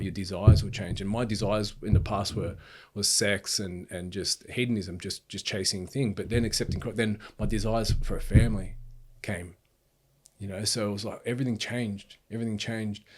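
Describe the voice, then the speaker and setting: A man in his thirties, a podcast guest telling his story in an earnest, rambling way, full of restarts and "bro". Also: on the low side. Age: 30s. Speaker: podcast guest, speaker and author. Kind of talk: casual storytelling chat.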